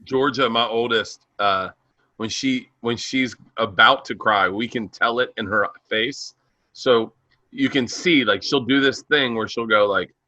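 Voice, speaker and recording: A man with a bright, forward voice tells stories in loose podcast chat. He acts out everyone he quotes and laughs without holding back. The sound is dry and close to the mic. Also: medium pitch, dry recording, highs cut off. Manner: animated storyteller who acts out voices and laughs hard. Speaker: stand-up comedian.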